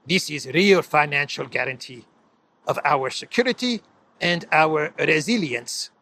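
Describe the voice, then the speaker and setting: Guy putting on a halting head-of-state voice, thick fake accent, a bit high. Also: lively intonation, creaky, pushed and bright, full character voice. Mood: solemn. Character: mocking impression of a male wartime head of state.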